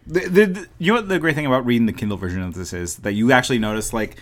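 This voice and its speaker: A man's voice: mid-range voice, expressive, very fast. Male podcast co-host, loose and rambling, reads excerpts mid-chat. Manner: rambling, many fillers, reads passages aloud. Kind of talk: casual book discussion.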